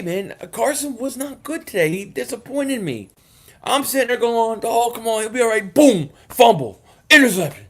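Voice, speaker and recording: A man's voice: high-pitched, fairly bright tone. A man from the area hosting a fan livestream, ranting in a frustrated, rambling way and reading viewer comments. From Philadelphia area. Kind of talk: casual livestream rant reading chat.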